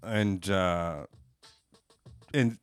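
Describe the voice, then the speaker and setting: A man's voice: low-pitched, very slow, clear, resonant tone, faint music behind. A man telling a long story in casual podcast chat, rambling with many fillers and casual swearing. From United States. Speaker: podcast co-host.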